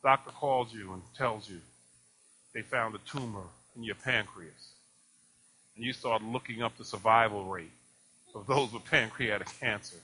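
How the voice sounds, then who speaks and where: With a lowish voice and a moderate pace, a pastor delivers an animated sermon, asking the congregation rhetorical questions and acting out dialogue with laughs. There's slight background noise.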